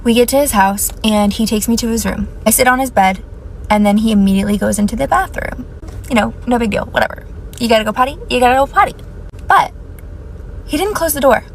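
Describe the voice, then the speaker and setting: Animated woman telling a date story. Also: fairly high pitch, a little fast, gravelly, a little hiss or hum. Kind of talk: storytime monologue.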